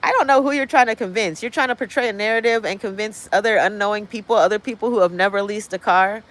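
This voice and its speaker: This livestream host is a woman ranting casually from inside an apartment building, rambling bluntly and swearing as she goes. She talks quickly in a medium pitch with a fairly bright tone, and the audio is poor.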